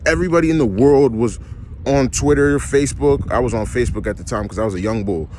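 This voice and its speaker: A man's voice: medium pitch, fast talker, dark tone, a little hiss or hum. A young man, ranting emphatically and repeating himself in a vlog. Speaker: vlogger. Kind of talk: ranting monologue.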